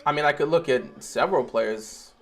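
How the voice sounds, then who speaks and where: A young man hosting a live stream, reacting to a basketball game as he watches it. He swings between quiet mumbling, pleading and sudden shouts. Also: a little high, moderate pace.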